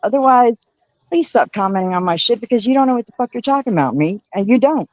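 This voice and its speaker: A woman's voice: fairly high pitch, animated, fast, no echo, rough recording. A woman hosting a livestream, scolding her chat in a profane, confrontational rant. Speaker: livestream host.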